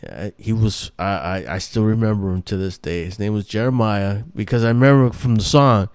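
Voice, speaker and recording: A man with a lowish, darkish voice hosts a casual, rambling monologue at a moderate pace, swearing freely and restarting sentences with lots of fillers. His tone is clear and resonant, recorded at studio quality with no echo.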